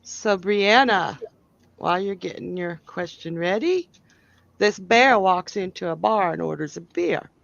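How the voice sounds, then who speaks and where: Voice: mid-range voice, measured pace, gravelly, a bit bright, no room sound, muffled recording. A psychic tarot reader hosting a live stream, chatty and blunt, giving readings to callers. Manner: chatty, giggly, blunt and opinionated.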